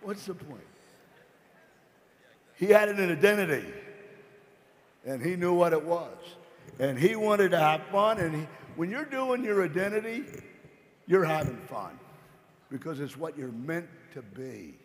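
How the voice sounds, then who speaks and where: A man's voice: fairly high pitch, expressive, measured pace. A man giving a playful, rambling motivational story on stage at a convention. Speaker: company founder speaking on stage. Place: large convention hall stage. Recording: echoey convention hall.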